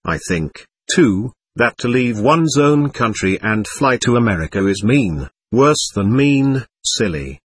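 A man voicing a proud, touchy teenage boy, husky and lively. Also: mid-range voice. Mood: lecturing. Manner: earnest, lecturing, quick to take offence.

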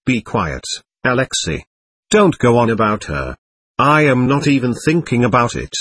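A man reading an irritable, contemptuous young man in a storybook, with a husky, lively voice. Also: medium pitch, moderate pace. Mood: bitter.

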